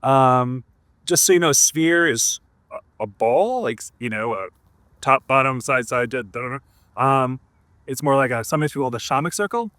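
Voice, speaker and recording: A man's voice: medium pitch, moderate pace, fairly bright tone, dry recording, studio quality. A man hosting outdoors in a park, chatting in a rambling, laughing, hippie-ish way as he leads a gratitude ritual. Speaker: host. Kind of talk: casual talk leading a gratitude ritual.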